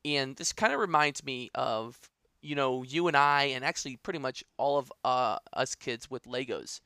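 A man's voice: mid-range voice, normal speed, pushed and bright, clean tone, dry recording, studio quality. A man co-hosting a casual podcast, presenting news stories with enthusiasm and plenty of filler words. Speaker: podcast co-host.

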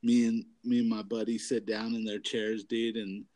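A man's voice: lowish voice, flat delivery, moderate pace, dark tone, no room sound. A young adult man rambling through a profane story in casual chat, laughing often.

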